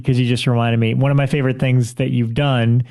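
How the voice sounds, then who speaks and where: A man hosting a casual podcast, relaxed and encouraging as he steers the guest. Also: mid-range voice, fairly quick. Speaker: podcast host.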